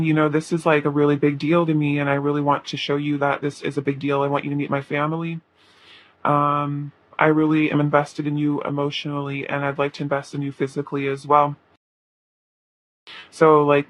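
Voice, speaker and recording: A man reading tarot, speaking a channeled message in the first person in a halting, earnest way with many pauses and fillers. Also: a little high, a bit bright, dry recording, poor audio. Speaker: tarot reader.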